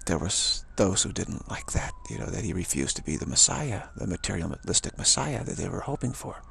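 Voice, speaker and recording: Gravelly man telling a halting spiritual tale. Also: low-pitched, big pitch swings, a bit bright, slight background noise. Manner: halting, with many repeated words and restarts. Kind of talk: rambling spiritual storytelling.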